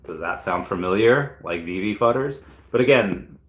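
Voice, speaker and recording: A man's voice: low-pitched, lively intonation, moderate pace, reverberant. A man giving rambling, opinionated casual commentary on collectibles, coughing often and breaking off into asides. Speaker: crypto and collectibles YouTuber.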